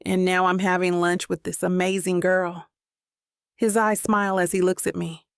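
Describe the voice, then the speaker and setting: A woman's voice: on the low side, little pitch movement, moderate pace, gravelly, clean tone, no echo, studio quality. A woman narrating a first-person romance audiobook in an intimate, reflective manner.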